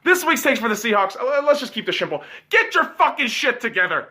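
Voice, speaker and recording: Podcast host, late 20s, man, high bright voice, profane yelling sports rant. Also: big pitch swings, fairly quick. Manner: swears constantly, ranting and yelling.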